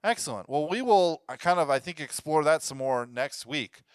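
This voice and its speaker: A man with an Upper Midwest accent, co-hosting an improvised storytelling podcast, eagerly thinking aloud and pitching plot ideas. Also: animated, normal speed, smooth, dry recording, studio quality. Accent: Upper Midwest American. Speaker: podcast co-host.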